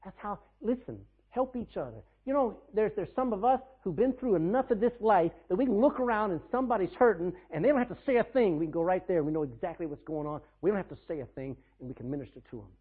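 A man's voice: sits high, animated, fast talker, hardly any pauses, breathy edge, phone-quality sound. A man preaching a sermon as pastor, emphatic, asking the congregation questions and pushing for answers.

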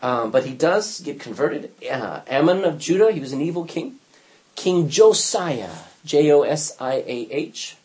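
A man's voice: a little high, expressive, measured pace, a little mellow. An older man teaching an informal Bible lesson, telling stories animatedly with frequent restarts and acted-out quotes.

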